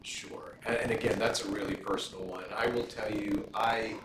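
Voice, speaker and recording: A middle-aged man, a judge, talking casually with law students in a relaxed question-and-answer session, full of "you know" fillers and anecdotes. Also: lowish voice, normal speed. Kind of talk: casual Q&A talk. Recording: roomy, distant mic, room noise.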